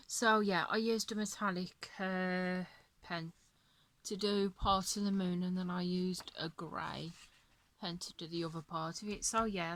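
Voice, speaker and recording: Woman, sleepy and yawning, rambling casual chat, middle pitch, dry close sound. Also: a bit bright, dry recording. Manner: chatty, apologetic, rambling. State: tired, yawning. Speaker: coloring channel host. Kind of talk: casual show-and-tell chat.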